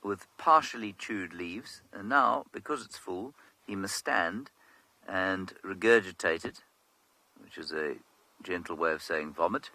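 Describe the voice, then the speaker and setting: A man's voice: low-pitched, expressive, measured pace, bright, forceful tone. A man guiding a live game drive from a vehicle in the bush, explaining wildlife with dry humor. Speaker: safari guide. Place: open vehicle outdoors in the bush.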